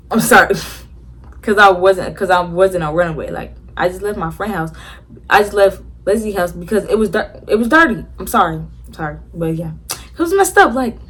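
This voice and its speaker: A teenage girl tells a story to her viewers in a loose, chatty way. She uses a lot of slang, fillers and restarts, in a fairly low voice for a girl her age. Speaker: vlogger. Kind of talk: casual storytime.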